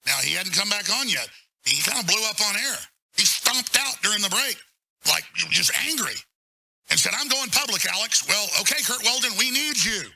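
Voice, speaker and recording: Gravelly, high-voiced ranting man. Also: sing-song. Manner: fast, emphatic ranting with sudden loud bursts. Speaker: talk show host. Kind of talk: heated political talk.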